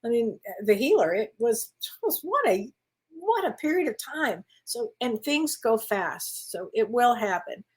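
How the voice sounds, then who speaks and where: A woman's voice: fairly high pitch, very animated, a little slow, breathy edge. A woman working as a spiritual medium, giving card readings in casual, affectionate chat and calling listeners honey.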